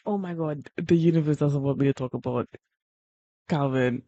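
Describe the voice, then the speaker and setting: A woman's voice: sits low, moderate pace, warm tone, no echo. A young-sounding woman talks casually to her stream chat while she draws, swinging between rambling and exasperated outbursts. Her voice sits in a middle range. The sound is close and dry, a bit dull, like a cheap home mic. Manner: flustered, exasperated, self-deprecating. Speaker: art livestreamer.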